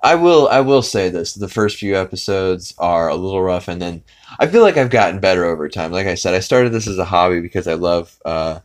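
A man with a deep, low voice hosts a casual podcast and recaps an episode in a rambling way. He fills his talk with "uh"s and restarts, and drops swear words freely. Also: expressive, brisk. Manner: rambling with many fillers and swearing. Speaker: podcast host.

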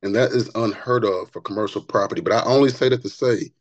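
A man's voice: fairly low pitch, quick pace, no echo, muffled recording. Earnest man telling stories, dry sound. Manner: earnest, animated storyteller; repeats words when excited. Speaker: barber and author, podcast guest. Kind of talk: conversational interview storytelling.

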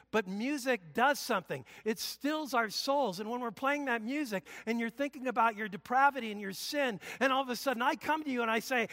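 Male pastor, conversational preacher with loud bursts; tense, forceful tone, long hall echo. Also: extremely high pitch. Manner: emphatic, conversational preaching with sudden loud exclamations. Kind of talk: sermon. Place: church sanctuary.

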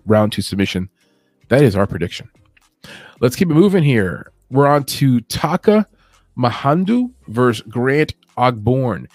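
An American man talks through fight picks in a casual, chatty way, with a lowish voice. He breaks into jokes and lively emphasis, recorded dry and close with soft music underneath. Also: no echo. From United States. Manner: chatty, joking asides, animated emphasis. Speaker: MMA podcast host.

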